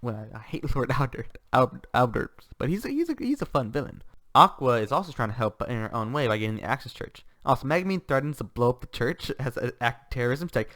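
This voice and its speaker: A man's voice: mid-range voice, big pitch swings, fast talker, few pauses, fairly bright tone, dry recording, clean studio sound. A man giving a casual, enthusiastic book review, rambling with restarts and laughter.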